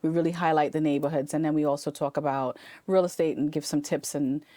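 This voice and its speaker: A chatty, animated woman with a lowish voice talks as an interview guest. She laughs easily and trips over her own restarts. The sound is close and dry. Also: fast talker, no room sound. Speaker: estate sale owner and real estate agent, guest. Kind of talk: casual interview chat.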